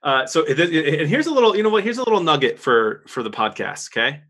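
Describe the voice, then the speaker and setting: A man cohosts a podcast and tells stories with real excitement, laughing along the way. His voice is bright and forward. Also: on the high side, quick pace. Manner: excited storytelling, laughs often. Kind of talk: casual chat.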